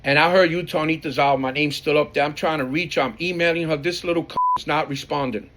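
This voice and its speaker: A man's voice: fairly high pitch, steady tone, fast talker, noisy background. A middle-aged man tells his side of a feud in a heated, streetwise way, swearing often and quoting himself. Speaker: graffiti writer telling his side. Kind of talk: casual storytelling, profane.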